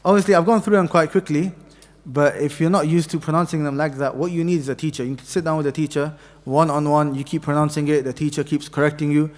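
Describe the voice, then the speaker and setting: A man's voice: on the high side, fairly even intonation, fast talker, darkish tone. Man teaching in a reverberant mosque hall. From Pakistani heritage. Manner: patient, repeats letters for students to copy. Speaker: tajweed teacher. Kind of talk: mosque class lesson.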